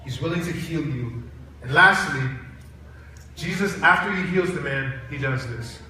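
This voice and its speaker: This college chapel sermon comes from a man with a slightly high, slightly slow voice, telling lively stories and playing their characters. The recording is distant and echoey in a large hall, with slight background noise.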